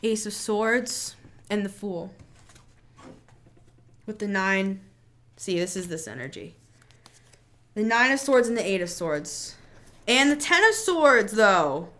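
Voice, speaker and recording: A woman talking through a tarot reading in a relaxed spoken style. She is earnest and reassuring, and she muses aloud as she goes, with frequent fillers and restarts. Her pitch sits in an ordinary middle range for a woman. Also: slow, pauses often. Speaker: tarot reader.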